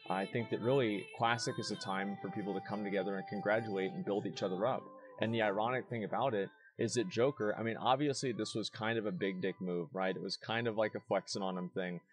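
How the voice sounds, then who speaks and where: A man's voice: on the low side, steady tone, fast, hardly any pauses. A man streaming, arguing his side in a heated casual debate and pressing his points with repeated words.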